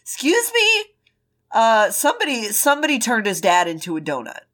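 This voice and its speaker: A woman's voice: on the high side, huge pitch swings, normal speed, a bit bright. A woman co-hosting a podcast, casually recapping a show with playful riffing and swearing. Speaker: podcast co-host.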